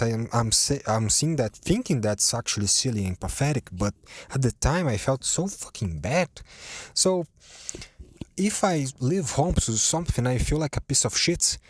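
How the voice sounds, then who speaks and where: A man's voice: mid-range voice, no echo. A man hosting a casual solo podcast from home, rambling in a profane, self-deprecating way. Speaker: podcast host. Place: home, at his computer.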